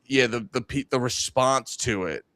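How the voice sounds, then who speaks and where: A man co-hosting a podcast in casual chat. He talks in an animated way and keeps jumping into mocking voices of other people. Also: mid-range voice, moderate pace, dry recording. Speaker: podcast co-host.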